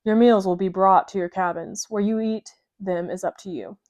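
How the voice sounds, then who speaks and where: A woman's voice: mid-range voice, fairly even intonation, normal speed, a little mellow, lightly acted. A woman voicing a polite, reassuring male ship's first mate in an audiobook. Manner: courteous, reassuring.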